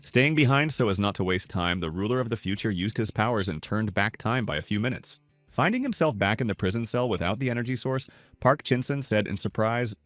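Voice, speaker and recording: Low-voiced man narrating a recap. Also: animated, fairly quick, no echo, studio quality, soft background music. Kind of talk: scripted story narration.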